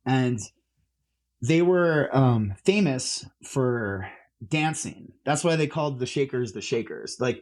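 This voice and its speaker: A man's voice: mid-range voice, animated, slow, darkish tone. A musician, a man, chatting as an interview guest, rambling with lots of fillers and restarts. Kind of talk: casual interview chat.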